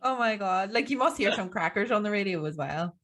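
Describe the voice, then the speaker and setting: A woman's voice: medium pitch, animated, a little fast, a bit bright. Chatty Northern Irish woman host. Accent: Northern Irish, Tyrone border. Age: young adult. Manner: laughs often, chatty, local expressions. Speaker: podcast host and strongwoman. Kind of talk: casual interview chat.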